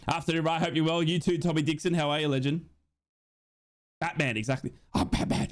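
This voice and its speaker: A football fan and streamer provides excitable live commentary during a watch-along, speaking fairly quickly. His voice jumps high at big moments, and he reads out and responds to viewer comments.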